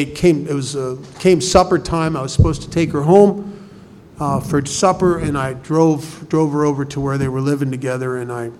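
A man's voice: fairly high pitch, a little mellow, slight background noise. A middle-aged man giving a personal testimony to a recovery group, plainspoken and earnest, with frequent restarts. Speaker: recovery meeting speaker.

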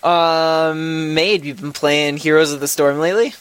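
A man's voice: a little high, steady tone, unhurried, fairly bright tone, smooth, dry recording. A man hosting a gaming podcast, moving the talk along with a joking, playful manner. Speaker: podcast host.

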